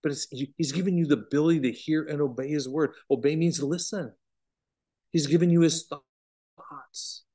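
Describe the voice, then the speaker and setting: Animated man teaching bible study. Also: fairly high pitch, moderate pace. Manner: animated, emphatic, swings between loud and hushed.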